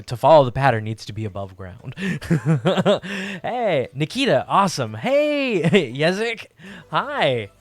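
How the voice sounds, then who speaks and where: A man's voice: medium pitch, no room sound, clean studio sound. A man hosting a live art stream from his basement apartment, chatting casually with viewers, laughing often and restarting his sentences. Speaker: livestream host.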